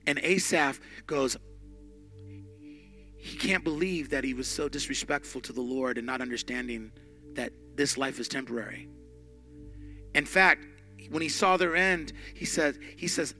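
A man preaching a sermon with emphatic delivery, swinging between loud and hushed. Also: medium pitch, measured pace, long pauses, soft background music. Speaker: pastor.

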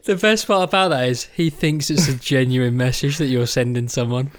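A man's voice: mid-range voice, moderate pace. Male podcast co-host, playful banter, teasing delivery. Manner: joking, banter-heavy, calls his friend mate. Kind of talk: casual chat.

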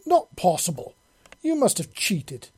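Man voicing a proud alien huntress, gravelly, snarling, sulky, raised pitch. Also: fairly even intonation, measured pace, warm tone, dry recording. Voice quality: gravelly, growling.

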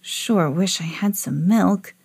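A woman voicing an eager, hungry young boy adventurer in a storybook, pleading and excited. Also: on the low side, slow, vocal fry, breathy edge, no echo, full character voice.

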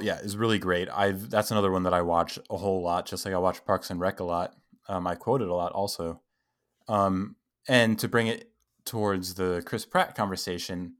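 Co-host, male, deep-voiced, relaxed film-chat delivery, thoughtful with filler ums. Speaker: podcast co-host. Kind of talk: casual film discussion.

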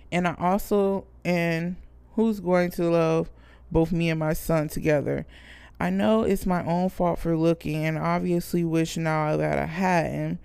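A woman's voice: lowish voice, creaky, a little mellow, smooth, no echo. A woman hosting a casual podcast, answering a listener letter and telling a brash, profane comic story full of sound effects. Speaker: podcast host.

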